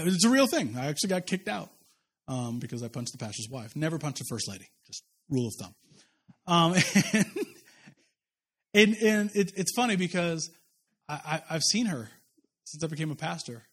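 High-voiced pastor preaching a sermon. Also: male voice, very animated, moderate pace, pauses often, a bit bright, breathy edge. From Kansas, USA. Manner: conversational, humorous asides and repeated rhetorical questions. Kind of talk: sermon with personal storytelling. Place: church service.

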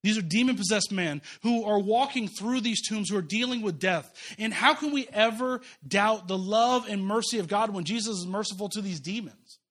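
Pastor, man, high voice, animated conversational sermon with asides. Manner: animated, conversational preaching with quick asides and repeated restarts. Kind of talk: sermon with scripture reading.

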